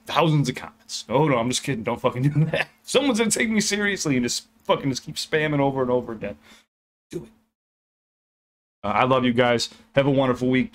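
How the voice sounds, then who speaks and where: Speaking in a mid-range, slightly bright voice, a young man reacts to something he just watched. His commentary is casual and rambling, full of profanity and laughter.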